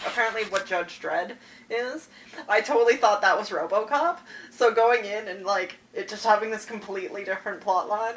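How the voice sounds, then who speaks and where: A woman's voice: mid-range voice, a bit bright, a little hiss or hum. A woman, a podcast guest chatting and chiming in with short remarks. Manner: chatty, quick interjections. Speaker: guest, show creator. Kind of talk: casual interview chat.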